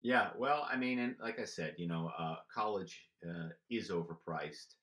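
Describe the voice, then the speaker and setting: Man, podcast guest, chatty storytelling, bright forceful tone, echoey room. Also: deep voice, normal speed. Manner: lively, chatty, many "you know"s. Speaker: podcast guest, former corporate spy. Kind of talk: animated storytelling.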